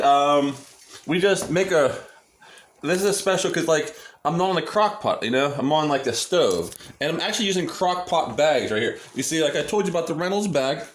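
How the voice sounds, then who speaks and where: A man's voice: fairly high pitch, reverberant, slight background noise. A man rambling cheerfully through a casual home cooking vlog at his stove, restarting sentences often. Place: small home kitchen at the stove.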